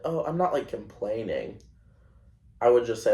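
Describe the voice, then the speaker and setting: A young man hosting a podcast, telling a story in a casual, animated and self-conscious way, with lots of fillers. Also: medium pitch, normal speed. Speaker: podcast host. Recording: echoey room.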